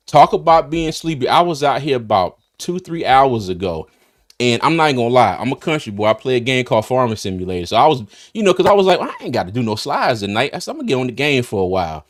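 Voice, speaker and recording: A man's voice: medium pitch, big pitch swings, fast talker. A man hosting a casual livestream, laughing often and talking in loose, restarting bursts. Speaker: host of a live draft-night stream.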